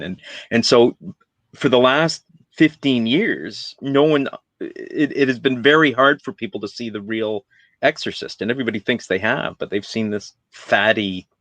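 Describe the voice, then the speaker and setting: A man talking casually about films as a guest, animated and opinionated, and prone to ranting. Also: lowish voice, no room sound. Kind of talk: casual film chat.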